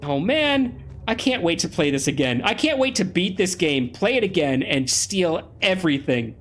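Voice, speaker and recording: Animated, chatty male let's-play host. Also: high voice, normal speed, slight background noise. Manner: playful, chatty, excitable. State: under the weather. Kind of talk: casual gameplay commentary.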